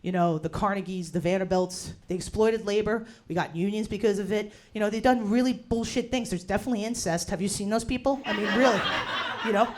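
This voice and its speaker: A woman in her forties doing a stand-up set in a bar, ranting loudly and profanely with slangy fillers. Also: mid-range voice, brisk, a little hiss or hum. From New Jersey. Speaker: stand-up comedian. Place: bar in front of a live audience. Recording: live crowd laughing in a bar. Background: audience laughter.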